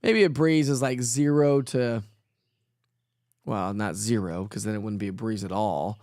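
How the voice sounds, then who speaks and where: A man's voice: fairly low pitch, a little slow, a little mellow, no echo, clean studio sound. A man hosting a casual live weather show, chatty and playful, who jokes at his own expense and laughs often. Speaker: weather forecaster host.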